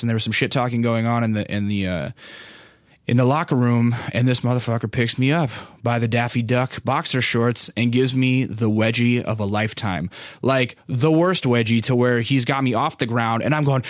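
A man in his thirties tells a story on his podcast in a loose, rambling way, swearing freely and packing in fillers. His voice sits at an ordinary middle pitch. The recording is dry and close, with no room sound. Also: no room sound. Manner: loose, profane, chatty with many fillers. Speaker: podcast host. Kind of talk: casual storytelling monologue.

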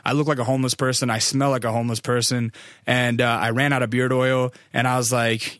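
A man's voice: medium pitch, flat delivery, fast talker, fairly bright tone, dry recording, clean studio sound. A young adult man, a photographer, telling a rambling, profane story full of "like" fillers. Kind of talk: casual storytelling.

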